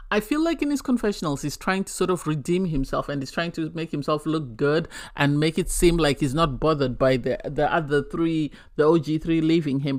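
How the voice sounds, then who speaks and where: A woman giving her opinionated recap of a reality show, exasperated and acting out what people said. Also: fairly low pitch. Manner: opinionated, exasperated, acts out quotes. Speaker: reality TV reviewer. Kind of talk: casual commentary.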